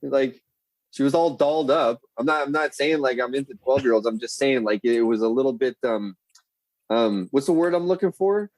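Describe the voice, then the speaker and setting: A man's voice: medium pitch, moderate pace, no room sound, low-quality recording. A man, a podcast guest telling rambling, profane stories in casual chat. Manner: profane, rambling, animated storyteller.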